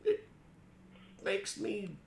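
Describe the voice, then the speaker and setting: A man voicing a cautious, polite half-elf man who speaks in a measured, formal way. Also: high voice, wildly swooping pitch, creaky, roomy sound, slight background noise, pitched above the performer's own voice, heavily acted. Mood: wary, polite.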